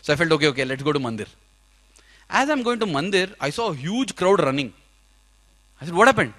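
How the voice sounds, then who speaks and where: A young man giving a personal storytelling talk at a conference, acting out his own past prayers and dialogue. He swings between loud outbursts and hushed low passages. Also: big pitch swings, brisk. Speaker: speaker at a youth conference. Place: conference hall.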